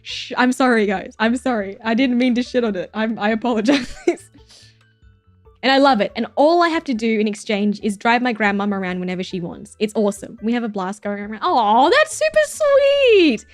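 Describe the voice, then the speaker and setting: A woman's voice: fairly high pitch, fairly quick, no echo. Chatty young woman streamer, dry mic. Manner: chatty, laughs often, swears casually. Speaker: streamer reacting to reader stories. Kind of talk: casual live-stream reaction chat. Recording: dry close mic with faint music behind.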